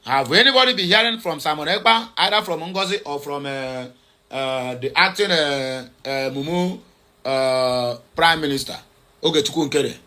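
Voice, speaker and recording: Commenting on social media posts as an online news commentator, he speaks at a moderate pace with a fairly high pitch and a sharp tone. He hesitates, uses many fillers, corrects himself, and urgently repeats his points.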